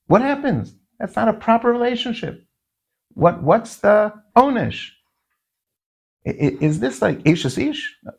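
A man teaching Talmud in a lively, rising-and-falling voice. He speaks with a gravelly rasp. He keeps putting questions to his listeners and answering them in a sing-song rhythm. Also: sits high. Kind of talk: Talmudic lecture.

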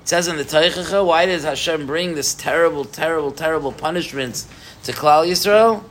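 A man teaching a Torah class to a live group, animated, with rhetorical questions and frequent restarts. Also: a little high, fairly quick, slight background noise.

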